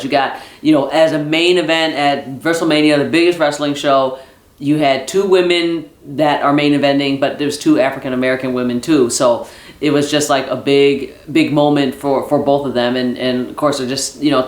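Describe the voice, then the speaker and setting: A man recapping a wrestling show in a casual vlog, rambling with many fillers and restarts like an excited fan. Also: on the high side, echoey room. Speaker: wrestling vlogger.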